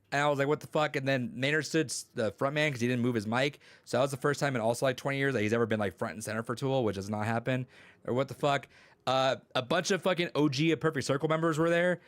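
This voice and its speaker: A man's voice: medium pitch, a bit bright, no echo. A young man chatting casually on a podcast, telling rambling stories full of swearing and quoted dialogue. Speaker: podcast co-host and teacher. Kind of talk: casual chat.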